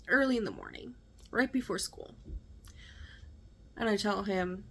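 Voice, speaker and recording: A woman's voice: medium pitch, huge pitch swings, unhurried, creaky, pauses often, fairly bright tone, breathy edge. A woman vlogger telling a personal story in an emphatic, conversational way, often checking in with her listeners.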